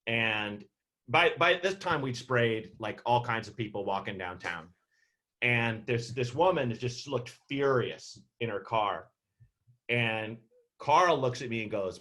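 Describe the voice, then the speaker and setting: A man's voice: medium pitch, unhurried. Man rambling through a story. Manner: rambling, animated storytelling with fillers. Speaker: comedian guest. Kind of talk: storytelling on a video call podcast. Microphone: video call.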